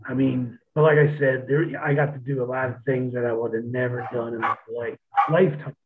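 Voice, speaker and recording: A man's voice: medium pitch, level tone, fairly quick. Man, casual storytelling, swears a lot, laughs easily, tinny phone-like audio. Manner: laid-back, profane, laughs often. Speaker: guest telling stories.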